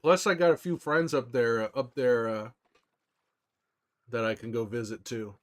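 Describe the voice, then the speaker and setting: A laid-back young man talking to his live-stream chat, greeting viewers by name and rambling about food and movies. His voice sits at a middle pitch, and his delivery is loose and conversational. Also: moderate pace. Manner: relaxed, rambling, chatty, answers chat by name.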